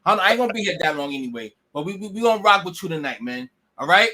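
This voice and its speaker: A man's voice: sits high, very animated, rapid-fire, bright, forceful tone. A man hosting a casual live talk stream, laid-back and slangy, prompting his guest to talk. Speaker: stream host.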